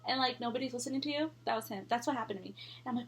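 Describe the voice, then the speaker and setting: A woman's voice: on the high side, very fast, fairly bright tone, a little hiss or hum. A young woman telling a scary story in a casual, rambling way, full of fillers and swearing.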